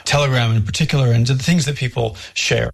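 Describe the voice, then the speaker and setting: A man, a politics professor, answering an interview quickly and repeating words as he restarts. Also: medium pitch, fairly even intonation, gravelly, slightly rough.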